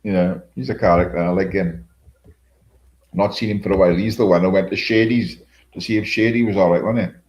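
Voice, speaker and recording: A man's voice: low-pitched, steady tone, fairly quick, darkish tone, highs cut off. A middle-aged man hosting a casual livestream chat, rambling, swearing often and chuckling as he reads comments. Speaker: livestream host.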